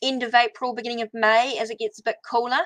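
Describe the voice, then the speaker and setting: A woman's voice: fairly high pitch, little pitch movement, fast, a bit bright, no room sound. A woman with a New Zealand accent giving a casual tarot reading on a livestream, thinking aloud as she draws cards. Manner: chatty, thinks aloud while drawing cards. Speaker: tarot reader.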